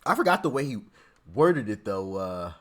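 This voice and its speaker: A man's voice: medium pitch, big pitch swings, normal speed, a bit bright. A man hosting a casual reaction commentary, rambling, stammering, repeating words and laughing often. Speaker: channel host reacting to clips.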